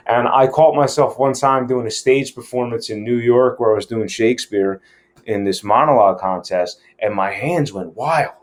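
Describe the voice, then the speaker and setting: A man's voice: lowish voice, fairly quick. A man giving a casual scene-breakdown lesson as an acting coach, speaking frankly and with plenty of profanity.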